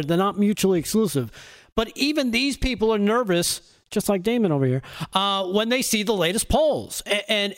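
A man with a high speaking voice delivers opinionated talk show commentary. He is sarcastic and keeps breaking into laughter at his own punchlines. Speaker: segment contributor on a talk show.

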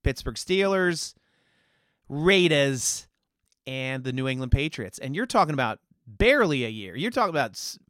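A man's voice: mid-range voice, big pitch swings, normal speed, a bit bright, no echo, studio quality. A man hosting a sports podcast, giving heated, opinionated, mocking commentary.

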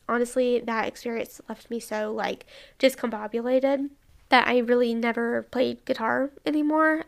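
Chatty young woman with a gravelly edge. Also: on the high side. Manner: chatty, animated, lots of "like" and quoted dialogue. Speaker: storyteller. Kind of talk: casual personal storytelling.

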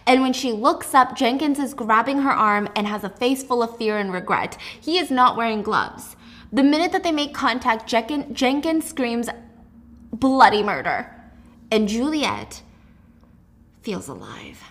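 A young woman recaps a novel in a casual, animated way, breaking off for asides. Her voice sits a bit high. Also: normal speed. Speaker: host.

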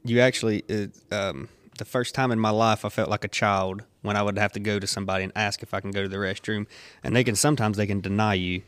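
A man's voice: fairly low pitch, level tone, fast talker, fairly bright tone, smooth, dry recording. A man, hosting a casual podcast and telling stories with frequent laughs. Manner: storytelling, laughs often, retells quotes. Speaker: podcast host, army veteran.

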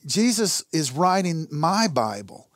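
A man's voice: on the high side, big pitch swings, slow pace, fairly bright tone, dry recording. A man sharing a personal testimony in an earnest storytelling way, acting out the dialogue in his stories. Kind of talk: conversational testimony.

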